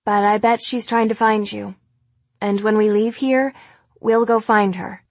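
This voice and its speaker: A man voicing a gentle, protective young woman who reassures a child in a soft, even voice in an audiobook. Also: high-pitched, measured pace, creaky, no room sound, voice pushed up, full character voice. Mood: soft reassurance. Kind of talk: audiobook character voice.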